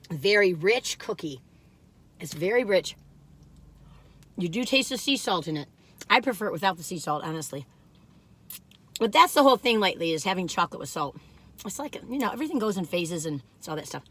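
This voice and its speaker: An older woman hosting a casual cookie taste-test vlog, rambling in a folksy way and breaking into excited laughs and squeals. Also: mid-range voice. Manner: folksy, rambling, warm-hearted chatter with "you all". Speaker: food vlogger.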